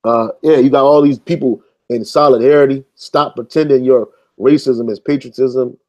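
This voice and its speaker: Man, informal preacher, mellow tone, casual street talk, reads and rebuts text. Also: medium pitch, fairly even intonation, moderate pace, lo-fi sound. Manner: stops to reread passages and argue back. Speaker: religious commentator. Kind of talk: informal preaching while reading an article aloud.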